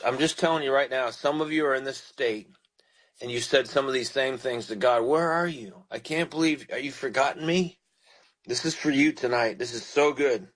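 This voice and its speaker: A man preaching a radio sermon, reading scripture and then explaining it in an earnest, pastoral way. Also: medium pitch.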